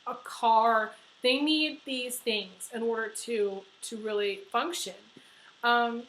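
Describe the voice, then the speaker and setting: A middle-aged woman giving a casual tarot reading, blunt and chatty, swearing freely and filling pauses with "you know". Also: on the high side, a bit bright, slight background noise, poor audio. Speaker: tarot reader.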